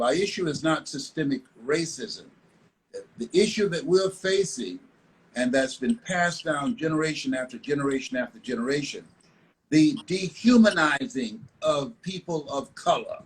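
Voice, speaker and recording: A man's voice: fairly high pitch, expressive, normal speed, rough recording. An older man from the United States, a motivational speaker telling stories in a live online interview, emphatic and repetitive. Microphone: live video call.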